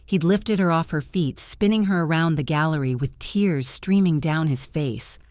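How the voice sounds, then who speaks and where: A woman's voice: sits low, moderate pace, a little mellow, no room sound, clean studio sound. Woman narrating a dramatic story.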